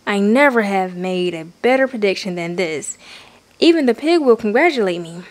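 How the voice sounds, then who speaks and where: A woman doing an excitable groundhog. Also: normal speed, close to an everyday voice. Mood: excited shouting. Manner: high, eager and exclaiming. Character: excitable male groundhog, eager weather predictor. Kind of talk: storybook read-aloud.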